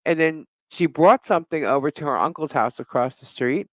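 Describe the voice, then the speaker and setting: A man's voice: on the high side, moderate pace, no room sound, low-quality recording. A middle-aged man co-hosting a live talk show, telling a neighbor story in casual chat, laughing often and cursing freely. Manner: animated storyteller, frequent laughter, swears. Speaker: podcast co-host.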